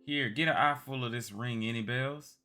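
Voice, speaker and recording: A man voicing a brash, impatient young woman thief in a game he reads aloud, pitching up and pushing hard. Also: normal speed, close to an everyday voice. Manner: loud, pushy, bright.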